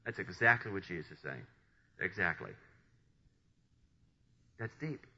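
A man preaching a sermon, retelling Bible stories with animated storytelling and acted-out voices. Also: deep voice, measured pace, husky. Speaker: pastor. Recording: dull lo-fi sound.

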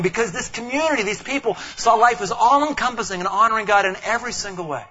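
Male pastor, high bright tenor, animated sermon delivery, acts out quotes, dull lo-fi recording. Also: fast talker, few pauses. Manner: animated, acts out quoted voices, stumbles and repeats words.

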